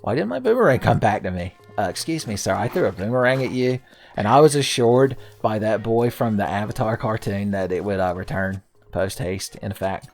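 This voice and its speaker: A man's voice: on the low side, lively intonation, brisk, creaky, soft background music. A man hosting a let's play, rambling and joking through casual gameplay commentary, swearing freely and laughing often.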